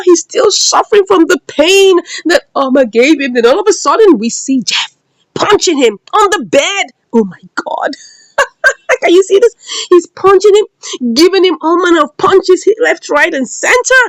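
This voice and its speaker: A woman's voice: very high-pitched, very animated, moderate pace, no room sound. A woman giving a dramatic, laughing recap of a drama series episode and acting out the characters' lines. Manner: dramatic, laughing, acts out the quotes. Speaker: series reviewer.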